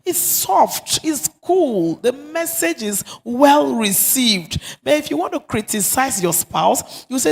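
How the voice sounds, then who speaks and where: A Nigerian woman pastor preaches with emphasis, repeating her points. Her voice sits fairly high but carries a gravelly, husky edge. It rings out with the long reverb of a church hall. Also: animated, slow, hardly any pauses. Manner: emphatic, repeats phrases for stress. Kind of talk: sermon on marriage.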